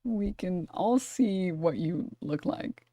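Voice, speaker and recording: A woman's voice: fairly low pitch, lively intonation, slow pace, warm tone, dry recording, clean studio sound. A woman streamer giving casual reaction commentary in a chatty, wry, opinionated way.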